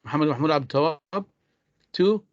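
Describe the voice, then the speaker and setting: A man teaching an English class online, patient and halting with many fillers. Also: a little high, no room sound. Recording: dull dry lo-fi sound.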